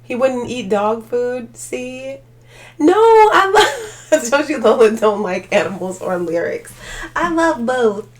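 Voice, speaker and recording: A woman's voice: a little high, measured pace. Tired, rambling woman live-streaming. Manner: rambling and chatty, with frequent filler words and laughs. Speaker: livestream host chatting with viewers. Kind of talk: casual live chat.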